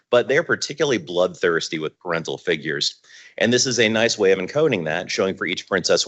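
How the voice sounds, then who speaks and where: A man presenting at a user group meetup in a relaxed, self-deprecating way, with plenty of filler words. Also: deep voice, a little fast. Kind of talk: casual conference talk.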